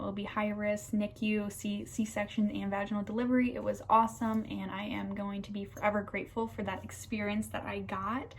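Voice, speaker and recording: A woman's voice: medium pitch, a little mellow, slight background noise. Gushing young woman telling a story. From United States. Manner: gushing, enthusiastic, lots of fillers like "like" and "oh my gosh". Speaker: nursing student vlogger. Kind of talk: casual storytelling vlog.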